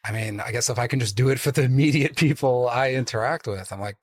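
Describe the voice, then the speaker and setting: A man's voice: mid-range voice, fast, husky. A man guest on a podcast musing in casual chat, with many filler words.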